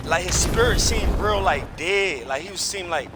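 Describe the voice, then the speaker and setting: High-voiced man telling an emphatic story. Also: expressive, moderate pace, heavy background noise. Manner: emphatic, repetitive, swears oaths. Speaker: streamer. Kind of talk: casual storytelling while gaming.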